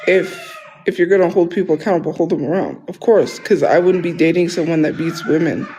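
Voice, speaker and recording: A man's voice: on the high side, fairly quick, warm tone, slight background noise, rough recording. A man talking casually on a livestream, rambling and defensive, often restarting his sentences.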